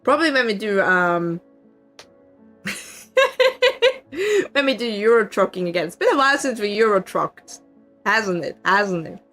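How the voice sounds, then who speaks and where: A woman's voice: a little high, very animated, measured pace, pauses often, a bit bright, faint music behind. Chatty Swiss woman streamer. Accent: Swiss German. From Switzerland. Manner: chatty, laughs often, swears casually. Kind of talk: casual chat.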